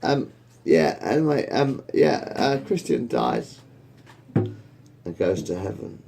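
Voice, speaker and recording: Gravelly, rambling man telling a joke. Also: low voice, huge pitch swings, slow, warm tone, slight background noise. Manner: rambling, keeps restarting the joke, swears freely. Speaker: joke teller. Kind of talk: casual joke telling among friends.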